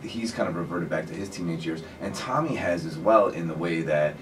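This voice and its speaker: Laid-back deep-voiced man in a noisy room. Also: brisk, recorded from a distance. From Chicago. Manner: animated, rambling storyteller with playful asides. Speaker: actor guest. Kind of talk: casual radio interview chat.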